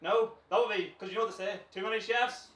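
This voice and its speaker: A man's voice: high-pitched, fast, a little hiss or hum. A man with a Northern Irish accent hosting a comedy club night, teasing the front row with brash, sweary crowd work and laughing often. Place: comedy club stage, indoors. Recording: roomy live club sound from far off with loud audience. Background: audience laughing and cheering.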